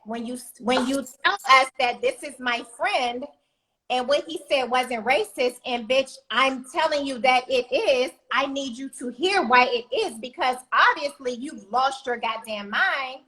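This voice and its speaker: A woman's voice: high-pitched, unhurried, sharp tone, poor audio. A woman co-hosting a casual talk show, blunt and fiery as she speaks her mind. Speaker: co-host.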